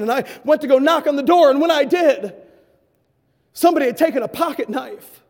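Preacher guy telling a story, high voice, big hall echo, gets loud then soft. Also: brisk. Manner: impassioned, swings from shouting to hushed. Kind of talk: sermon illustration story. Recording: long hall reverb.

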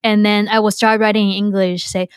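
A woman's voice: medium pitch, level tone, a little fast, dry recording, studio quality. A woman whose first language is Chinese, hosting a podcast in a casual, candid, self-deprecating way with many fillers and restarts. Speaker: podcast host.

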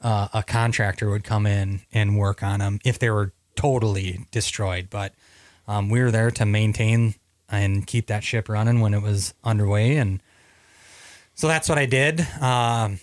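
A man's voice: lowish voice, fairly even intonation, a little slow, no echo. A man from Minnesota, a Navy veteran guest, telling stories casually with many fillers and restarts. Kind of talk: casual storytelling interview.

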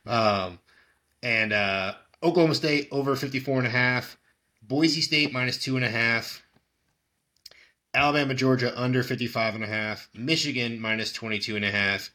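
Bright-voiced casual podcast guy. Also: medium pitch, normal speed. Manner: loose, rambling, swears casually. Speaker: podcast co-host. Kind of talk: casual sports betting chat.

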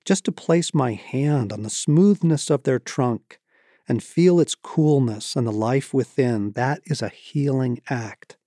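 A man's voice: mid-range voice, unhurried, warm tone, no echo, studio quality. A man reading aloud from his own book, reflective and reverent, with casual asides in between.

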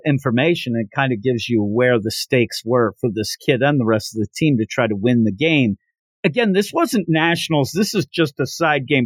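A man hosting a podcast, casually retelling a manga story with animated asides. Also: a little high, no echo. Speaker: podcast host.

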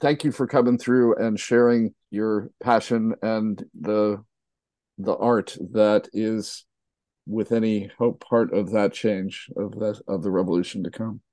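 A male radio host thanking and questioning a guest, appreciative and halting. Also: fairly low pitch, fairly even intonation, dark tone, no echo. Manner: appreciative, halting with fillers and restarts. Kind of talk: radio interview. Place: radio studio.

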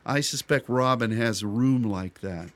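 A man's voice: mid-range voice, a little slow. A man co-hosting a radio show in a casual, rambling chat, joking often and restarting his sentences. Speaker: radio co-host.

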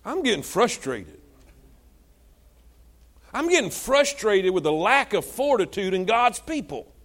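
A man preaching a sermon in a high voice that climbs and dips constantly. He shouts his points, then drops to hushed asides, and keeps calling out to the congregation for responses. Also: big pitch swings, measured pace. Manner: swings between shouted exhortation and low, hushed asides. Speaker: pastor.

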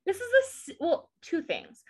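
A woman with a Southern accent co-hosting a casual recap podcast, sarcastic and animated, slipping into impressions. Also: very high-pitched, moderate pace, crowd noise. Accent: Southern American. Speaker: podcast co-host.

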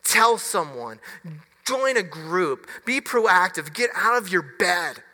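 A male pastor delivers his sermon at an unhurried pace, earnest and halting, often breaking off and restarting words. His voice is bright and forward, and it rings with the long reverb of a church hall. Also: sits high, sing-song. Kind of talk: sermon with personal story.

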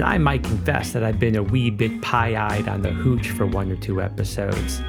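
A man's voice: medium pitch, gravelly. A man with a Midwestern accent hosting a podcast in a casual, jokey, self-deprecating monologue. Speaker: podcast host.

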